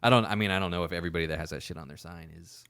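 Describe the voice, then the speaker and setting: A young man with a very low voice talks fast and loose on a podcast. He swears casually and stays modest and relaxed through the whole chat. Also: clear, resonant tone. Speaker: podcast co-host.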